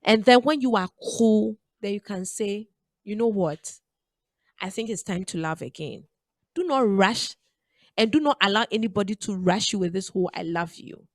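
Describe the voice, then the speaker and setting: A woman's voice: mid-range voice, moderate pace, dry recording. A woman hosting a radio talk show, giving preachy, emphatic advice and repeating her key phrases. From Ghana.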